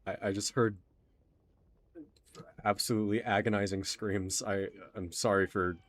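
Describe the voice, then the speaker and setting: A man's voice: fairly low pitch, fairly even intonation, moderate pace, a bit bright. A young man from Texas streaming a game, chatting casually in a rambling, self-deprecating way. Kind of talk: casual gaming stream chat.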